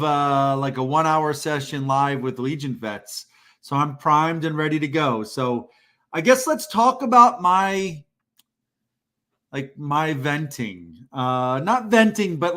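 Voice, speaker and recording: This man, co-hosting a livestream about job searching, has a fairly high, bright voice with a forceful tone. He's blunt and direct, a self-described band-aid ripper who casually tells people what he believes they need to hear.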